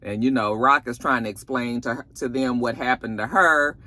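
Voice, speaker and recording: A man's voice: medium pitch, normal speed, pushed and bright. A man giving a casual, chatty recap of a TV episode, colloquial and full of fillers. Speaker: TV episode reviewer.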